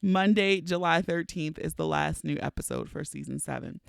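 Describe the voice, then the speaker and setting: A woman in her thirties, hosting her own podcast, speaks in a deep, gravelly voice at a moderate pace, with clean tone and no room sound. She's close to the mic and a little stuffy from allergies. Her casual monologue is chatty, playful, animated and full of laughter.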